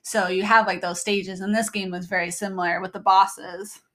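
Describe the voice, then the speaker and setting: A woman's voice: mid-range voice, little pitch movement, normal speed, a bit bright. A woman co-hosting a casual chat, hesitant and full of fillers, often searching for words. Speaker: podcast co-host.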